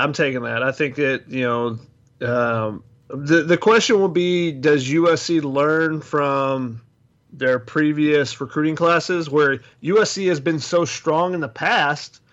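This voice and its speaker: A man co-hosting a casual sports podcast, reasoning through his points in a measured, thoughtful way. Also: mid-range voice, a bit bright, muffled recording. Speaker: podcast co-host.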